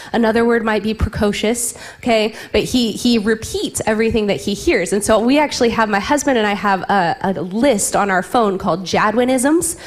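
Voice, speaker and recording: A woman in her thirties preaching a sermon, telling playful family stories and dropping into whispers for effect. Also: fairly high pitch. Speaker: pastor.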